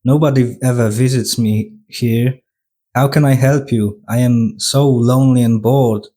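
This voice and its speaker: A man's voice: medium pitch, darkish tone. A man doing a lonely, gushing woman doctor. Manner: gushing, oversharing parody.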